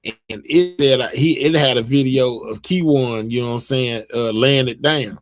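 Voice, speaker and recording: A man of middle pitch hosts a live stream, talking loosely and reading viewer comments aloud. He rambles, restarts his sentences and leans on fillers. The sound is close and dry, with no room echo. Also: normal speed. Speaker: livestream host.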